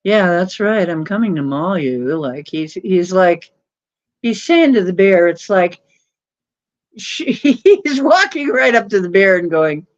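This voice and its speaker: A woman's voice: on the low side, big pitch swings, slow pace, no room sound. A woman hosting a casual late-night livestream, rambling, mocking and laughing often. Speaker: livestream host. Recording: dull lo-fi stream audio.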